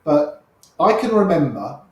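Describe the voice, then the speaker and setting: A man's voice: fairly high pitch, big pitch swings, a little slow. An older man, telling poker stories in casual chat and acting out the dialogue. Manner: storytelling, quoting others in dialogue. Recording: very echoey room.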